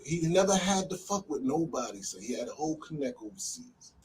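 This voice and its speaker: Animated man telling a street story. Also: fairly high pitch, brisk, recorded from a distance, crowd noise, poor audio. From New Jersey. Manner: animated, loose street talk full of "you know what I'm saying". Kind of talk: casual storytelling.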